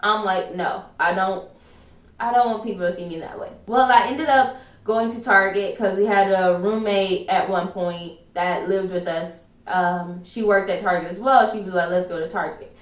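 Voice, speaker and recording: Young woman telling a story, roomy echo. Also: mid-range voice. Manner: fast, emphatic retelling with acted quotes. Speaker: vlogger. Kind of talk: story time vlog. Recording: roomy echo, mic at a distance.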